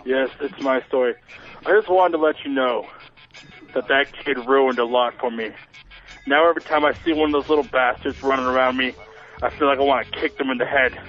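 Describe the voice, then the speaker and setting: Guy doing a grumpy young caller who can't stand kids, kinda higher voice, muffled lo-fi sound with faint music. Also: fairly even intonation, fairly quick, fairly bright tone, close to an everyday voice. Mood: resentful. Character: bitter young man caller fed up with kids.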